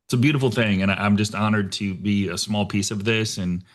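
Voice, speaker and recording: A man hosting a casual online show, relaxed and chatty, calling people bro and man. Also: fairly low pitch. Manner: laid-back, says bro and man a lot, halting. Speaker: podcast host. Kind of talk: casual video call chat.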